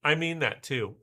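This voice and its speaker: A man chatting on his livestream, with a bright, forward tone. He talks slowly, muttering to himself and cursing now and then, and his pitch rises and falls a lot. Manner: muttering to himself, swearing, trying out pronunciations. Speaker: livestream host. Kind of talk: casual livestream chat while building.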